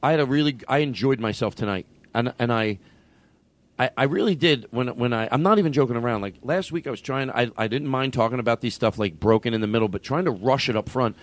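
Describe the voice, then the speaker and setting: A man's voice: medium pitch, fast, dry recording. Rambling male podcast host. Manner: rambling, with many restarts. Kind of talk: casual comedy podcast chat.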